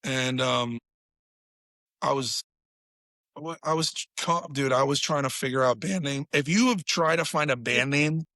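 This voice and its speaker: A man's voice: medium pitch, measured pace, bright, forceful tone, no echo. A man, a podcast guest, telling a story in casual chat, swearing freely and acting out quotes in a raised voice.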